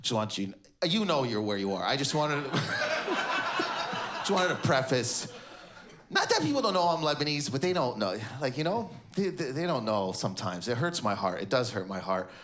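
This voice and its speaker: A man from Canada doing stand-up comedy in a clothing store, animated and laughing through his lines. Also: mid-range voice, normal speed. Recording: echoey store with background noise.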